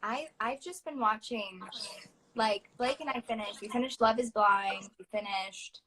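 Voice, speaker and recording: A woman's voice: on the high side, a little slow, crowd noise, low-quality recording. A young woman co-hosting a livestream in casual chat, rambling and giggly, often tripping over her own words. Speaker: co-host of a livestream.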